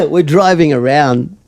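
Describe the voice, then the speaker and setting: A man's voice: on the high side, vocal fry, no echo. A man as a podcast guest, telling a funny anecdote casually and laughing often as he goes. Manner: acts out other people's lines in the story. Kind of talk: casual storytelling chat.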